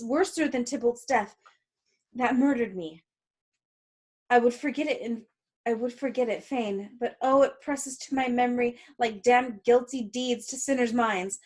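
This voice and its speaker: A woman's voice: on the high side, a little mellow. Juliet, grieving young bride, read by a woman. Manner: slow, deliberate, earnest line reading. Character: young female lover, grieving and distraught. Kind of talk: reading a play aloud.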